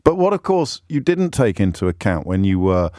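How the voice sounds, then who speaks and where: A low-voiced man hosts a radio phone-in, his pitch swinging widely as he mocks and digresses. The studio mic gives a close, dry sound with no room around it. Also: big pitch swings, moderate pace, a little mellow, dry recording. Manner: sardonic, mocking, fluent with asides. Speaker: radio talk show host. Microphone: studio microphone.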